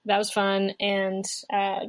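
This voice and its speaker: A young adult woman chatting as a guest musician, relaxed and rambling, with lots of fillers and restarts over a remote call setup. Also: medium pitch, slow. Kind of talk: casual chat.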